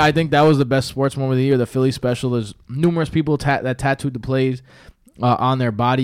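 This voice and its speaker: A man's voice: medium pitch, darkish tone, clear, resonant tone, dry recording, clean studio sound. A man co-hosting a casual sports talk show, rambling and jokey with plenty of fillers. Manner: jokey, does mock accents, rambling with fillers. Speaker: podcast co-host.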